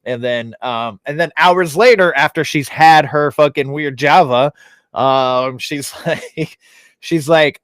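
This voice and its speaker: A man's voice: a little high, takes it slowly, a bit bright, smooth, no room sound. A man in his thirties hosting a podcast, telling loose stories full of swearing and fillers. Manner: loose storytelling, heavy swearing, frequent fillers. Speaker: podcast host. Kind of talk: casual chat.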